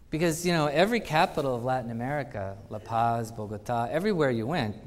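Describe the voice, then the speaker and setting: A man giving a conference talk, telling animated anecdotes and acting out the quotes. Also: mid-range voice, fast talker, few pauses. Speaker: conference speaker. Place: conference hall. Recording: reverberant conference hall.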